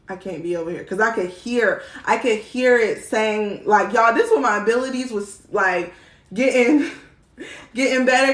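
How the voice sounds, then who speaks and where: Woman, young, casual swearing live-stream talk, lightly raised pitch, echoey room. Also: a bit bright. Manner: slangy, swears freely, laughs often. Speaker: spiritual livestream host. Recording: roomy echo.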